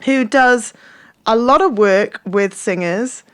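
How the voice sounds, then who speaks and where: A woman's voice: on the high side, slow, clear, resonant tone. A woman co-hosting a podcast in casual, teasing chat, often laughing as she talks. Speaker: podcast co-host.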